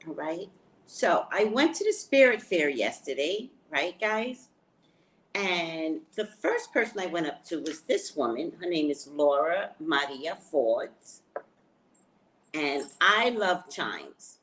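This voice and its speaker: Woman, lower-pitched, casual live vlogger, chatty and excitable, showing purchases to the phone camera. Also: slow pace, a little hiss or hum. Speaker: spiritual reader and vlogger. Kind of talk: casual live chat to viewers.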